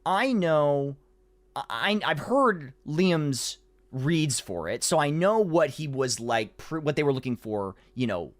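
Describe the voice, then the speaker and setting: A man's voice: fairly high pitch, very animated, slow pace, no room sound. A man, a voice actor, telling a long story in a casual podcast chat, rambling with many restarts.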